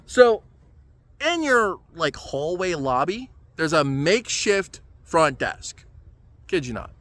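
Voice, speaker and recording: A man telling a travel story in a casual vlog, animated and exasperated, with many fillers. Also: high voice, dry recording. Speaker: travel vlogger.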